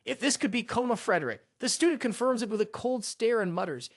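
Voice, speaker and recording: A narrator reading a fantasy comic recap as scripted storytelling in a steady manner, recorded close on a voice-over mic. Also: medium pitch, quick pace, hardly any pauses, no echo.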